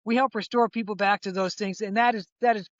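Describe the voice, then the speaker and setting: A man in his sixties, a chiropractor guest, telling a patient story in lively conversational style. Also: high voice, fast, no room sound, lo-fi sound. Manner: animated storyteller, acts out quoted voices, frequent restarts.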